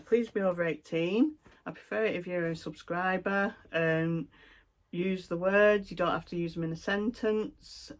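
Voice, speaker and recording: Slow-talking Lancashire woman in her fifties. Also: on the low side. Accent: Lancashire English. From Lancashire, England. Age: 50s. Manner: relaxed, chatty, many fillers. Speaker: cross-stitch vlogger. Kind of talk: casual chat.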